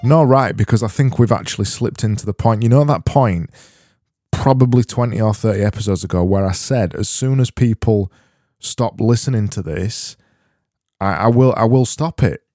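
A man hosting a solo comedy podcast, rambling in a deadpan, self-deprecating way with frequent restarts. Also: fairly low pitch, normal speed, dry recording, studio quality. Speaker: podcast host.

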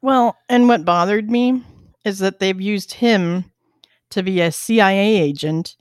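Woman co-host, mid pitch, dry close sound, blunt and agreeable casual chat. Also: unhurried, no room sound. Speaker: podcast co-host. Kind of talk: casual movie review chat.

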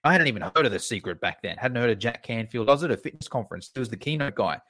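A man, a fitness educator and podcast guest, telling stories in casual chat and acting out the people in them with lively swings. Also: mid-range voice, very fast. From Australia. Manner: animated, acts out quoted people in his stories. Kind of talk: casual storytelling interview.

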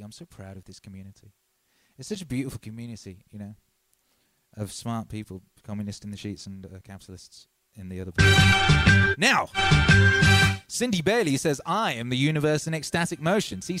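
Man, livestream host, lively pitch, playful deadpan, faint music behind. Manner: playful, deadpan asides, frequent ums and uhs. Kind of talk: casual livestream chat reading comments.

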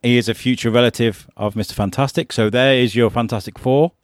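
A man hosting a casual podcast about a TV show, speaking excitedly to his listeners and swearing now and then. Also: mid-range voice, fairly quick. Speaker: podcast host.

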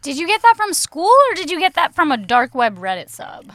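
A young woman guesting on a casual podcast, teasing with quick comebacks. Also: sits high, big pitch swings, fairly bright tone, no room sound. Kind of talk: casual chat.

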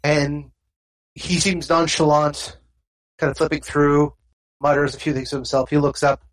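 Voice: mid-range voice, little pitch movement, normal speed. A game master narrating a tabletop game in a casual, rambling way with frequent restarts.

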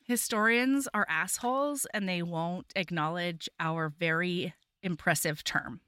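A woman co-hosting a podcast, retelling a romance novel in lively casual chat and jumping into high, dramatic voices for the characters. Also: unhurried, smooth, no echo. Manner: lively storytelling, swings up high to act out lines. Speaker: podcast co-host.

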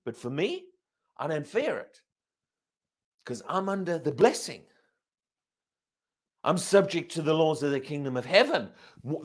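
Male pastor, sermon delivery, emphatic and questioning, higher voice with very lively pitch. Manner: emphatic, asks the congregation questions.

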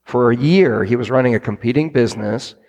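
A man's voice: mid-range voice, fairly quick, creaky, long reverb tail. A man who owns a business, telling a story in an interview and acting out the voices of people he quotes. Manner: animated, acts out quoted voices. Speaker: business owner guest. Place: stage event.

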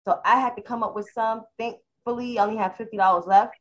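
A woman's voice: a little high, steady tone, quick pace, dull audio. A woman co-hosting a podcast, candidly telling a personal story in a rambling, casual way. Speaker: podcast co-host. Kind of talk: casual chat.

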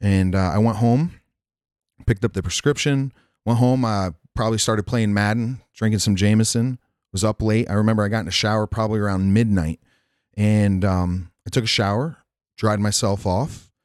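Low-voiced man telling a frank story. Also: fairly even intonation, normal speed, darkish tone, dry recording, clean studio sound. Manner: frank, rambling, swears freely. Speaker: podcast guest. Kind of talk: candid personal storytelling in casual chat. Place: Nashville.

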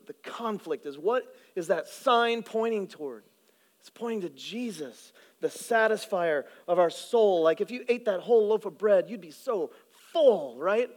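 Animated high-voiced male preacher. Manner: animated preaching, shifting from loud emphasis to hushed low delivery. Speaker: pastor. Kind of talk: sermon.

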